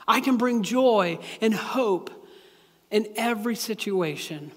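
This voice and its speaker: Pastor giving voice to a tender, pleading heavenly father, high-pitched, in a big reverberant hall. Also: lively intonation, slow pace, fairly bright tone, full character voice. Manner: tender, pleading, raised and emphatic. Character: loving divine father pleading with his children. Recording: echoey hall with long reverb.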